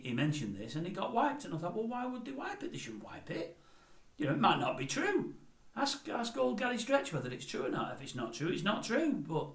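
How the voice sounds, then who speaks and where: An older man talks to camera in a long, digressive monologue. His voice sits at a middle pitch and is chatty and conversational. The recording has a roomy echo. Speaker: vlogger. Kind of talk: rambling storytelling monologue.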